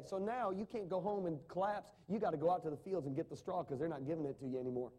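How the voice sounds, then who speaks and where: A man's voice: on the high side, quick pace, few pauses, warm tone. A man preaching a sermon, asking the congregation rhetorical questions and reading scripture with rising emphasis. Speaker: pastor.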